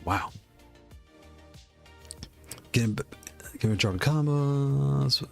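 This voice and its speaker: A man from the Northeast of the United States chatting casually on a live stream, reacting with excitement and thinking aloud as he answers chat questions. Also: mid-range voice, very slow, creaky, faint music behind. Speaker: streamer reviewing game controllers.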